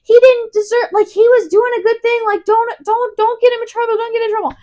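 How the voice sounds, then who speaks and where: A woman voicing a crowd of schoolkids pleading with a teacher in a high, breathless rush. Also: little pitch movement, fairly quick, mellow.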